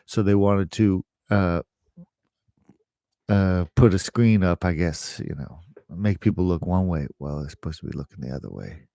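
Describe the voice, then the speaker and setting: Man, middle-aged, rambling chatty vlog talk, fillers and chuckles, low voice. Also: normal speed, creaky, warm tone, no room sound, clean studio sound. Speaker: English teacher and vlogger. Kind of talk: casual talk to camera.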